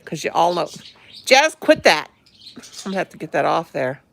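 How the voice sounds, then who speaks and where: A woman's voice: lowish voice, creaky. A woman chatting casually and affectionately on a phone live stream from home, greeting viewers and her pets. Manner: chatty, affectionate, fond of pet talk. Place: home, indoors.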